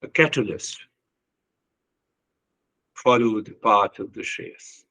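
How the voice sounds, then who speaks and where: A man with a bright, forceful voice gives an earnest spiritual talk. He repeats himself for emphasis and puts pointed questions to his listeners. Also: fairly low pitch, expressive, slow, creaky, poor audio. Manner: earnest, repetitive, with short laughs and acted quotes. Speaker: spiritual teacher.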